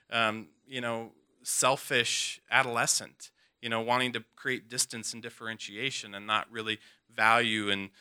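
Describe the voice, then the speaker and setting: A man telling a personal story in an earnest, halting way, with many restarts, his voice dropping soft at emotional moments. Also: medium pitch, smooth.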